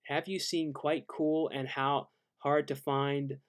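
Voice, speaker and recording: A man casually hosting a live-stream Q&A, laid-back and halting as he reads out viewer questions and answers them. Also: a little high, level tone, clear, resonant tone.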